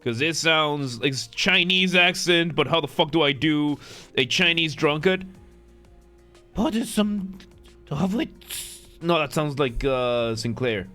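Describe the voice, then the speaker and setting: Male streamer, slow and slightly high, swears, rehearses voices, music bed. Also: sharp tone. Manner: swears often, thinks aloud, tries out voices. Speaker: streamer reading a game aloud. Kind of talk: casual live-stream commentary. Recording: music playing behind.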